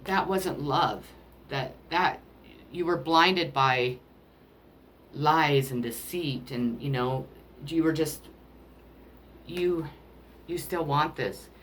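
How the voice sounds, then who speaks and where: A woman doing a spiritual card reading, emotional and rambling, often pausing to apologize as she talks to the listener about love. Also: low-pitched, a little hiss or hum. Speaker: tarot card reader.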